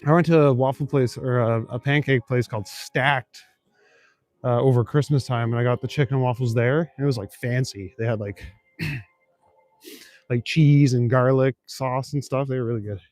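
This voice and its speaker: In a dry recording, a young man's mid-range voice at normal speed chats casually with live stream viewers. He's from Northern Ontario, Canada, and is walking city back streets at night. He sounds relaxed, swears casually, and reads and answers what chat says.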